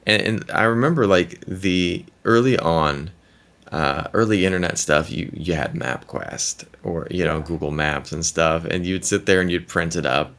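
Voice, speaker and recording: Deep-voiced, rambling middle-aged man. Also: moderate pace, a bit bright. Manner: rambling, jokey, stammers in restarts. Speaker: podcast host. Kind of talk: casual conversation.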